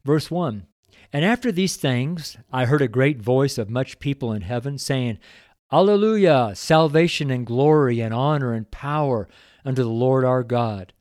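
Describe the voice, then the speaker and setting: A man's voice: mid-range voice, expressive, a little slow, a little mellow, dry recording, studio quality. Earnest, emotional middle-aged man reading scripture. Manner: reads scripture aloud with rising fervor. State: choked up at times. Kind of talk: Bible reading with devotional commentary.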